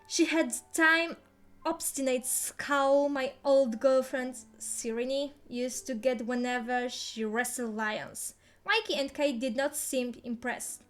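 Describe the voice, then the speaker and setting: A woman's voice: sits high, slow pace, faint music behind. A woman reading a novel aloud in the first person, playful and theatrical. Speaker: reader.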